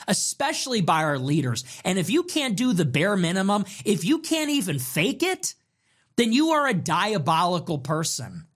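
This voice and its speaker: A man's voice: high voice, fairly bright tone. A man giving an impassioned, exasperated political commentary monologue, mocking the people he quotes.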